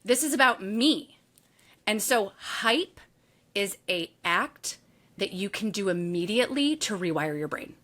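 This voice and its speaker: A woman's voice: mid-range voice, a little slow. A woman author being interviewed on a podcast, telling candid stories and acting out her own thoughts, swearing now and then. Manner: candid, animated storytelling with acted-out inner quotes and swearing. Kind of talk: conversational interview.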